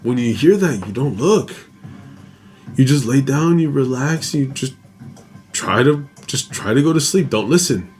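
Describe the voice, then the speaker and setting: A protective mother, put on by a man in a raised voice, firm and hushed as she tells her daughter to lie down and stop listening. Her talk is slow and lively in pitch, with faint music underneath. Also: natural voice. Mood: firm, hushing.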